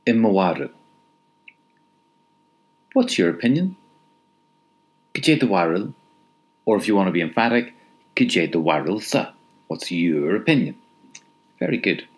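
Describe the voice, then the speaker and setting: A low-voiced man leads a recorded language lesson at an unhurried pace. His pitch rises and falls a lot as he prompts, and he repeats each phrase patiently, leaving pauses for the learner. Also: sing-song. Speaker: language teacher.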